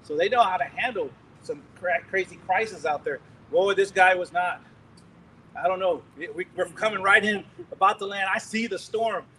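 A middle-aged male preacher telling a story in a sermon, animated and laughing, acting out scenes loudly. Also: sits high, brisk, few pauses, a little hiss or hum, low-quality recording.

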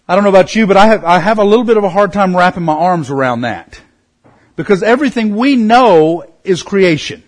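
A middle-aged man teaching a Bible study in an earnest way, slowing down to stress key words. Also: high-pitched.

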